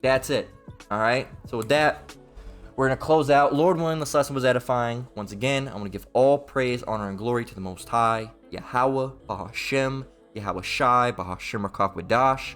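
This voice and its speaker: A man's voice: mid-range voice, brisk, a bit bright, soft background music. A man giving an informal Bible lesson, blunt and emphatic, who swears freely and keeps checking in with "all right?". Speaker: religious teacher.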